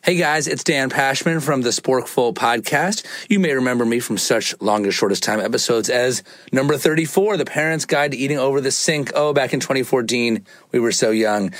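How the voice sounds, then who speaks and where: A man tells a casual story about his child in a playful, animated way and acts out the quotes. His voice sits at an ordinary pitch for a man. The room is dry and close. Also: dry recording. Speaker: guest podcaster.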